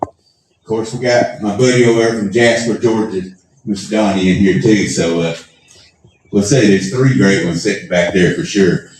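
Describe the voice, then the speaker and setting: A man's voice: medium pitch, darkish tone, a little hiss or hum. Rambling man in an echoey room. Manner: rambling, self-mocking, acts out dialogue. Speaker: awards show host. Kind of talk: live storytelling to an audience. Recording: echoey room, mic at a distance.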